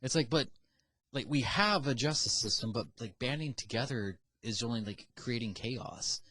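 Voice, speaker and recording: A man's voice: mid-range voice, animated, normal speed, bright, forceful tone. A man co-hosting a casual podcast, opinionated and ranting, swearing freely as he argues his point. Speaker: podcast co-host. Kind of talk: casual chat.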